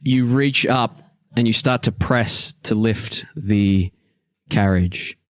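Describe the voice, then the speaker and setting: A man narrating as game master in a relaxed, matter-of-fact way. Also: fairly low pitch, slow pace, no echo, studio quality.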